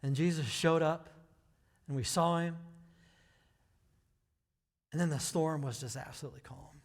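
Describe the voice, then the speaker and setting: Pastor, male, a sermon that moves from easy talk to forceful emphasis, slightly high voice, church reverb. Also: measured pace, vocal fry. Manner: conversational preaching that builds to loud, emphatic passages. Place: church sanctuary. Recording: hall reverb.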